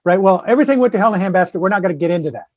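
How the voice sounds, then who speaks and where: A man's voice: high-pitched, animated, very fast, a little mellow, no echo, muffled recording. A man guest-hosting a podcast. He tells a story in casual chat, swears freely and acts out the people in it. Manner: acts out the people in his stories. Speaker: guest host.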